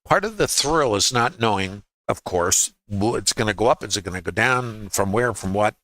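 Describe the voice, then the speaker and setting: A man's voice: lowish voice, expressive, moderate pace, a bit bright, dry recording. A man with a Brooklyn accent teaching a livestream trading lesson in a folksy way, asking rhetorical questions and tossing off quips. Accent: New York, Brooklyn. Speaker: trading educator. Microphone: laptop.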